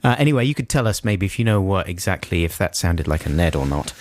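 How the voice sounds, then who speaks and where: Chatty English radio co-host. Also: male voice, low voice, very animated, fast, a little mellow. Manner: chatty, jokey, reads listener messages aloud. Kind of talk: casual radio chat. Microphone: studio microphone.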